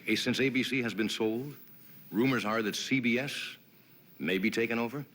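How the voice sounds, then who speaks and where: A late-night talk show host delivers a comedy monologue in a TV studio before a live audience, mixing wry jokes with chatty asides to his sidekick. His voice is medium in pitch, a bit bright, and he talks at a normal speed.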